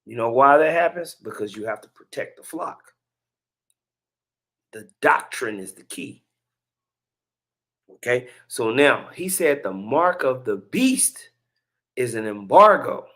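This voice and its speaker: A man's voice: mid-range voice, lively intonation, slow, long pauses, a bit bright. Laid-back man giving slangy commentary. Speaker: religious commentary video host. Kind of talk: casual commentary.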